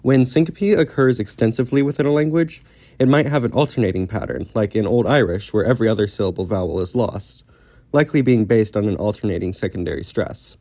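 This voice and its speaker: Low-voiced man narrating a linguistics lesson. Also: dark tone, no room sound. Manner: measured, explanatory delivery. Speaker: linguistics video creator. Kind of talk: scripted educational narration.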